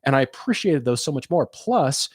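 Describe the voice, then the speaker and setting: A man's voice: medium pitch, sing-song, normal speed, husky, dry recording, studio quality. A man co-hosting a live-streamed car podcast, telling rambling stories and reading out audience questions. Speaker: podcast co-host. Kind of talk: casual live-stream chat.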